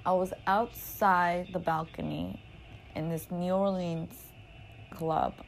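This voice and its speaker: A woman casually telling a story in an animated, profane, slangy way, often laughing. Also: fairly low pitch, takes it slowly, vocal fry, a little hiss or hum, rough recording. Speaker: storyteller recounting a game.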